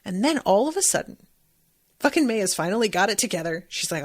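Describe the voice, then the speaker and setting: A woman's voice: medium pitch, big pitch swings, normal speed, a bit bright. A woman hosting a book podcast, recapping chapters in a chatty, casual way, swearing freely and reading passages aloud. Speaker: podcast host.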